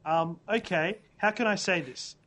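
A man reading the part of a brash, slangy male rapper in a comic read-through, flatly speaking the punctuation aloud. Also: high-pitched, a little slow. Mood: deadpan. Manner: reads out punctuation deadpan.

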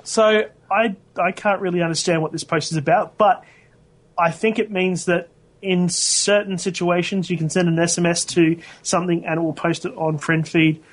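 On a casual tech podcast, a co-host with a high-pitched voice speaks at a moderate pace in a level tone. He rambles and corrects himself as he goes, laughing often.

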